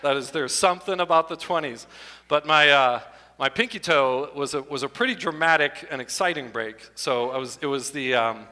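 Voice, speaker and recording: A man in his fifties doing stand-up comedy in a church hall, animated and jokey, often breaking into silly voices. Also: on the high side, moderate pace. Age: 50s. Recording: echoey hall.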